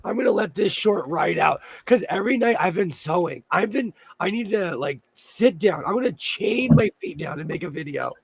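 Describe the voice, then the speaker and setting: A man with a Minnesotan accent hosting a sewing livestream, chatting playfully and breaking into loud laughing exclamations. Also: high-pitched, expressive, normal speed, creaky, hardly any pauses, husky. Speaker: sewing channel host. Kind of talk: casual livestream chat.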